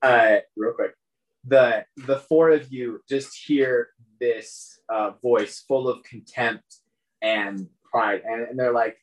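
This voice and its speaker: A man's voice: medium pitch, fairly even intonation, slow, low-quality recording. A man narrating as game master of a tabletop game, loose and rambling with many fillers.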